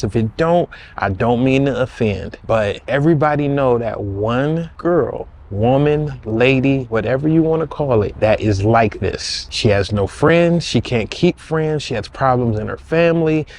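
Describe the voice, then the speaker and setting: A man tells a comic dating story straight to his audience. He talks in a slangy, conversational way and keeps it lively. His voice sits at a middle pitch, with faint background noise. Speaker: storytime host. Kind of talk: comedic storytelling monologue.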